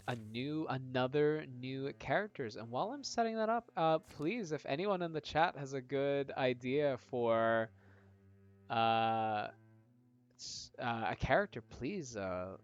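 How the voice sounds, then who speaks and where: A man casually narrating a tabletop-style game on a live stream, pausing often and asking his viewers for ideas. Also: medium pitch, clear, resonant tone. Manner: hesitant, lots of ums, chatty with viewers. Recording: dull lo-fi audio with faint game music.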